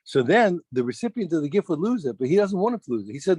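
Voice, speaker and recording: A man teaching a daf yomi Talmud class, animated, restarting phrases and quizzing his students. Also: a little high, fast, breathy edge, dry recording.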